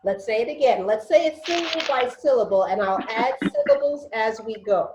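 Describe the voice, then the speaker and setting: A woman's voice: fairly high pitch, very animated, brisk, roomy sound, lo-fi sound, noisy background. A woman teaching an online Spanish class over a video call, patiently drilling pronunciation syllable by syllable.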